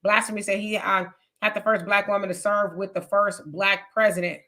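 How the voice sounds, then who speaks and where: Bright-voiced woman hosting casual live chat. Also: mid-range voice, level tone, moderate pace. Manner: candid, conversational, reads comments aloud with asides. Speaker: live show host. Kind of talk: casual live-stream chat reading viewer comments.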